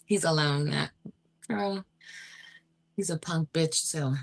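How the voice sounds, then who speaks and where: A woman's voice: deep voice, takes it slowly, gravelly, pitched below the performer's own voice, full character voice. A woman putting on the voice of a bitter, resentful mother who talks crudely about her ex. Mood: spiteful.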